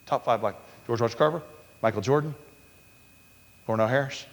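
Pastor preaching in a big reverberant hall. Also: male voice, medium pitch, a little fast, creaky. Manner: storytelling, acting out quotes in a raised voice. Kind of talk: sermon.

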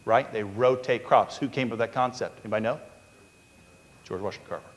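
A man's voice: medium pitch, fast talker, in a large hall. A man preaching a sermon as pastor, telling stories and acting out the people he quotes. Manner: storytelling, acting out quotes in a raised voice.

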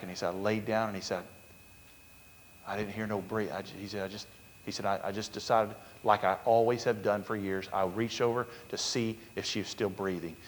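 A male pastor preaching a sermon, telling a story with sudden swings from loud urgency to a hushed, quiet voice. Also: on the low side, long reverb tail, slight background noise.

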